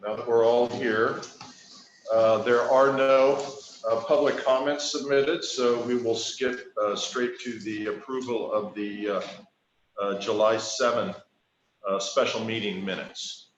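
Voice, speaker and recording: A man chairing a public park board meeting in a relaxed, hesitant way. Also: mid-range voice, a little slow, a little hiss or hum. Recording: echoey, dull room sound.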